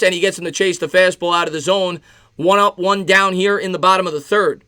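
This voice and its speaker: A man doing casual play-by-play on a live stream, chatting with viewers between pitches. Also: fairly quick, bright, forceful tone. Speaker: live-stream sports host.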